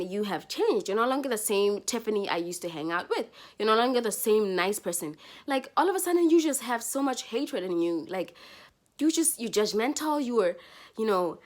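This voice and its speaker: Animated young woman. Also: mid-range voice. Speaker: vlogger. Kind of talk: casual advice talk to camera.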